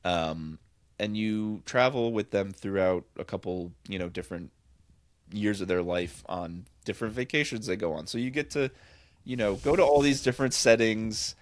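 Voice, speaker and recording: Guy with a lowish voice rambling happily about movies, dry room, lots of ums. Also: moderate pace, dry recording. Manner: rambling, enthusiastic, lots of fillers. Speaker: podcast co-host. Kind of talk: casual movie chat.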